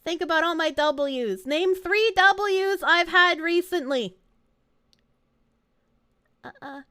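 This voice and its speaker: A young woman with a Boston accent chats on a live stream in a high, bright voice. She is animated and quick to laugh, swearing freely as she answers chat. The sound is close and dry, with no room around it. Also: no echo. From Boston, USA. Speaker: VTuber streamer.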